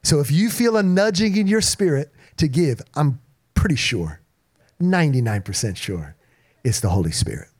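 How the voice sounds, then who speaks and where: A male pastor preaching a sermon to his congregation, energetic, repeating himself and calling out to the room. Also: on the high side, normal speed, slightly rough. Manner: energetic preaching with repetitions and call-outs to the congregation. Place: church in front of a congregation.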